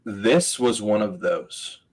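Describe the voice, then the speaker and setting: A man comedian chatting casually on a podcast, telling a story with quick asides and laughs. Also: lowish voice, breathy edge, rough recording.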